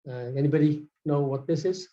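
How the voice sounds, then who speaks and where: A man delivers a devotional lecture in a somewhat high yet mellow, warm voice, earnest and halting as he works through his stories. The sound is dull and lo-fi. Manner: earnest, stop-start storytelling.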